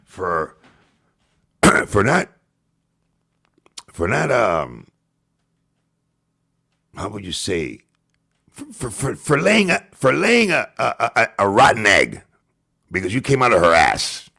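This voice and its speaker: A man's voice: lowish voice, wildly swooping pitch, slow pace, creaky, pauses often, sharp tone. A man hosting a livestream, ranting and taunting his rivals with profane insults. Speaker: livestream host.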